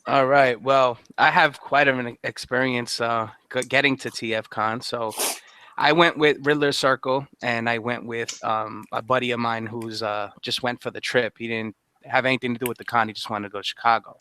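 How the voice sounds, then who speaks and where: A man with a bright, forceful voice, chatting casually among friends. He tells his story with plenty of laughter and loud bursts when he acts out what people said. A faint hiss sits under the recording. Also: medium pitch, fairly even intonation, moderate pace. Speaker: podcast co-host. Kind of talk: casual chat.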